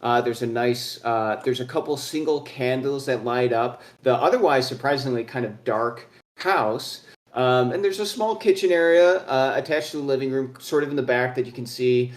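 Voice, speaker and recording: A man's voice: mid-range voice, moderate pace, few pauses, roomy sound. A man narrating a tabletop game as game master, rambling through scene descriptions with many fillers.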